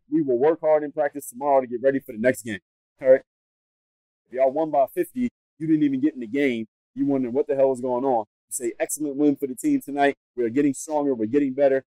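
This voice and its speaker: A man's voice: mid-range voice, dark tone, no echo, low-quality recording. An American man hosting a podcast, giving blunt, emphatic advice and repeating his points. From United States. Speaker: podcast host.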